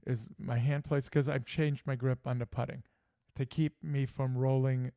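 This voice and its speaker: A man co-hosting a live sports talk show, telling an animated story with frequent laughter. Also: medium pitch, normal speed, creaky, no room sound, clean studio sound. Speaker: co-host. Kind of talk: casual chat.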